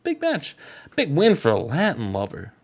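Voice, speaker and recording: A man's voice: on the high side, huge pitch swings, unhurried. A man hosting a casual game commentary, rambling and playful, swearing and addressing his co-host often. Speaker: gaming channel host. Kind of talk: casual let's-play commentary.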